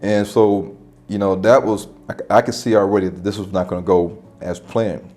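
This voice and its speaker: A man's voice: sits low, fairly even intonation, normal speed, dark tone, faint music behind. A man telling a long personal story in casual podcast talk, with repeated words and restarts. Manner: retells events with repetitions and restarts. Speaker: podcast guest. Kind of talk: casual spoken anecdote.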